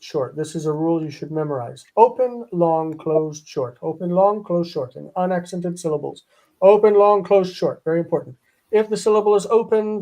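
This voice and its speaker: A man's voice: fairly high pitch, mellow. A man teaching a live online Hebrew lesson, patiently repeating terms and rules.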